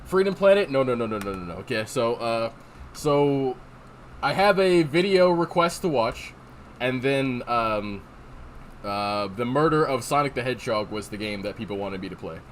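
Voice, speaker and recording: A streamer talks casually on a livestream in an expressive, mid-range voice at normal speed, rambling, swearing, and reading chat aloud as he answers it. He's on a desk microphone with slight background noise.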